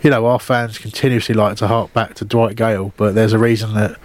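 A man co-hosting a casual football podcast, chatty and quick to laugh. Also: on the low side, little pitch movement. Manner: chatty, restarts, fond of laughing. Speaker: podcast co-host.

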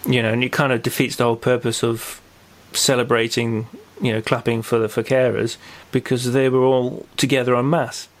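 A man co-hosts a local podcast, chatting casually and running through the news in a mid-range, level voice at normal speed. He rambles, using lots of fillers and restarting his sentences.

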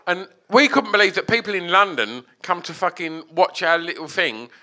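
A man co-hosting a live podcast on stage while drunk, loud, sweary and rambling. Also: sits high, normal speed. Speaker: podcast co-host. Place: live stage before an audience.

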